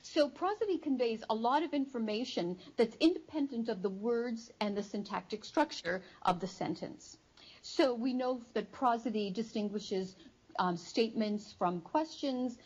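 A woman psychology professor giving an academic lecture to a live audience, explaining in a measured way with frequent ums and uhs. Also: mid-range voice, a little mellow, slightly rough, highs cut off. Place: studio before a live audience.

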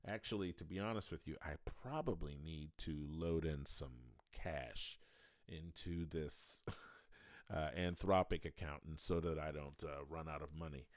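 A man's voice: rumbling low, unhurried, dry recording, clean studio sound. A man hosting a casual livestream, talking in a rambling, folksy way and chuckling often. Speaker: livestream host.

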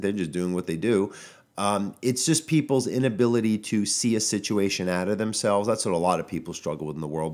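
A low-pitched man talks alone on his podcast in a loose, casual way. He is a dog trainer who vents with growing irritation and sometimes mimics other people in a raised, mocking voice. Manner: frustrated ranting, quoting people in raised voices. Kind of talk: casual solo podcast talk.

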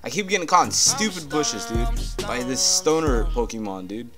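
A man's voice: medium pitch, sing-song, normal speed, over music. A man casually commentating a video game playthrough, rambling, swearing and getting irritated at the game. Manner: profane, rambling, easily irritated. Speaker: gameplay commentator. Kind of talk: casual let's-play commentary.

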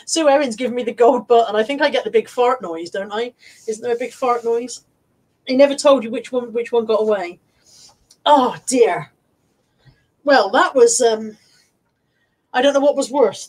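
Irish woman, middle-aged, high voice, chatty live-stream host who reads comments and laughs a lot. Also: a little mellow. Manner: chatty, laughs often, breaks into off-key singing. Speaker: live-streaming reseller vlogger. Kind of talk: casual live stream chat, reading out comments.

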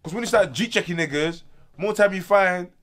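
A man's voice: high-pitched, moderate pace. Ranting young man. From Congo. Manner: loud ranting, profane slang. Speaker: interview guest. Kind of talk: casual interview chat.

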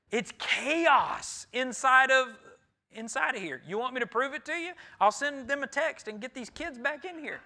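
A man with a Texan accent preaching to his congregation in a church sanctuary, lively and playful as he teases and addresses people directly. His voice sits high for a man and has a bright, forceful edge. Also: fairly quick. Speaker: pastor. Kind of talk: conversational sermon.

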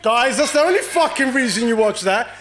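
A man's voice: very high-pitched, lively intonation, brisk, fairly bright tone, a little hiss or hum. A man doing a brash, profane stand-up set and teasing the crowd in a comedy club.

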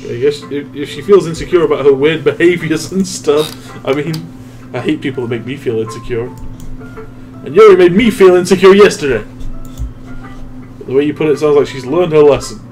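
A man's voice: fairly high pitch, a little fast, darkish tone, faint music behind, low-quality recording. A man playing a visual novel with friends, reading its dialogue aloud and making wry asides. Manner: reads game text aloud with wry asides. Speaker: let's play commentator. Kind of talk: group game playthrough, reading dialogue aloud.

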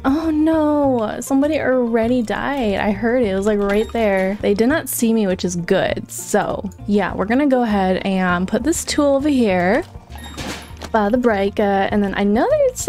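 A young woman narrates her gameplay in an excitable, gasping, giggly way, keeping her voice low. Her voice sits fairly high, and soft background music runs faintly under it. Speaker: gaming channel host. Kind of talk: casual gameplay commentary.

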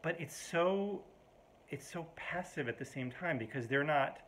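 A man's voice: on the high side, animated, a little slow, fairly bright tone, a little hiss or hum. A man in a casual, rambling to-camera monologue at home, full of fillers and restarts, mildly exasperated. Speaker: vlogger.

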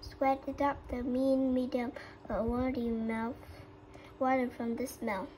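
A woman with a Vietnamese accent reads a children's story aloud. Her voice sits a little high, and her reading halts with frequent slips and restarts. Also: flat delivery, slow pace, mellow, low-quality recording. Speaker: storybook reader.

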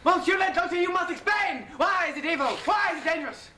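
A young man playing an excitable French sidekick, shouting in a hammy mock French accent. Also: very high voice, fast, heavily acted. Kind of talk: amateur comedy sketch acting. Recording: echoey room, background noise.

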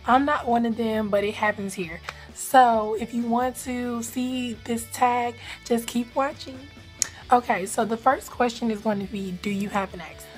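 A young woman from Atlanta with a light Southern accent, chatting fast and casually to camera with lots of "like". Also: fairly high pitch, steady tone, faint music behind. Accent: Atlanta Southern American. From Atlanta, Georgia, US. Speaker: vlogger.

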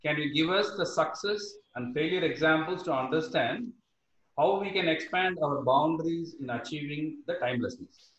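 A man's voice: on the high side, expressive, moderate pace, fairly bright tone. A man moderating a webinar, politely and formally relaying questions. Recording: roomy lo-fi call audio.

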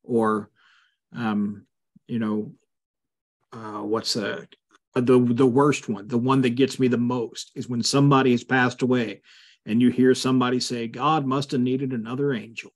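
A man of middle pitch guides a Bible study over a video call. He speaks casually, with many fillers, and breaks into firm asides when he feels strongly. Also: level tone, a little slow. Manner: conversational, frequent fillers, emphatic asides. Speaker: pastor leading a Bible study.

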